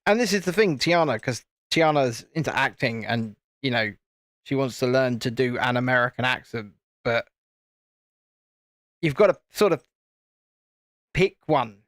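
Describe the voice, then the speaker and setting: This clean, dry studio recording features a mid-range, fairly bright male voice, expressive and unhurried with long pauses. He's a British host from the United Kingdom, rambling through casual live-stream chat while building and often starting his sentences over.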